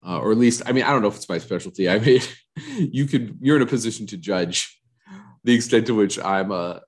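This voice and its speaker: A deep-voiced man talks into a studio microphone on his own podcast. He rambles in self-mocking, repetitive riffs, his voice a little stuffy and froggy from allergies. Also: fast. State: congested from allergies, a bit froggy. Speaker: podcast host. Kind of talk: casual solo podcast chat.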